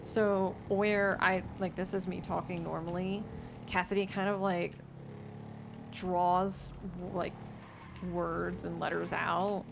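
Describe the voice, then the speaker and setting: Slow, gravelly-voiced woman streamer. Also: on the low side, little pitch movement, noisy background. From American South. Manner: rambling, lots of fillers and restarts. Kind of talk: casual stream chat.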